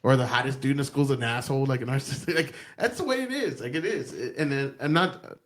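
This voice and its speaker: A man's voice: mid-range voice, fast talker. A man co-hosting a podcast, chatting casually and profanely about politics and acting out quotes with animation. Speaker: podcast co-host.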